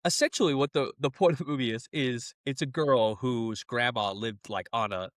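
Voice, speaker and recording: A young man co-hosting a podcast, retelling a film in lively casual chat and laughing often. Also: mid-range voice, normal speed, no room sound, clean studio sound. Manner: animated, laughing storyteller. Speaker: podcast co-host.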